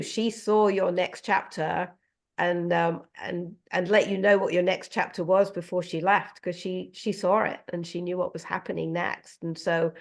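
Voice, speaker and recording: Gentle emotional woman, slightly low voice. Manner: gentle, emotional, many fillers. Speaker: animal communicator. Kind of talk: heartfelt casual conversation.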